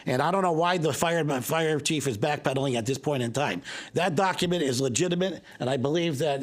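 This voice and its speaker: A man speaking as a resident at a town planning hearing, emphatic and insistent, repeating his points and checking in with "okay?". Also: on the high side. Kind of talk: public comment at a town meeting.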